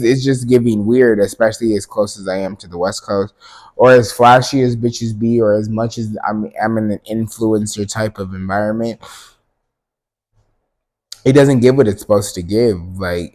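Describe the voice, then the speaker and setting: A man's voice: on the low side, darkish tone. A man hosting his own podcast, talking bluntly in a casual rant. He swears often, piles up fillers and restarts, and his voice jumps up when he makes a point. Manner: blunt, profane, filler-heavy with sudden emphatic rises. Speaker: podcast host.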